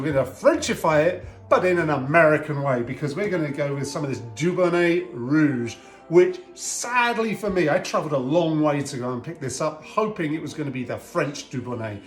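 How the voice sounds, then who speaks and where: Chatty man mixing drinks in a roomy space. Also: mid-range voice. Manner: chatty, rambling, joking asides to a friend. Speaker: home cocktail video host. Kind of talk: casual cocktail-making demo. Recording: roomy echo, faint music.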